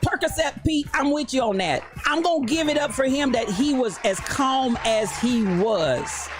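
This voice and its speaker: A woman's voice: high-pitched, expressive, moderate pace, music in the background, a crowd in the background. A woman hosting a livestream, ranting about church folk in a fired-up, preachy way, repeating her phrases. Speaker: host. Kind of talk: livestream commentary rant.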